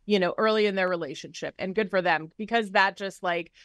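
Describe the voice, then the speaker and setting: A woman's voice: medium pitch, fairly quick, fairly bright tone, dry recording. A woman co-hosting an entertainment news panel, talking casually and rambling with many "you know" fillers. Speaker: co-host.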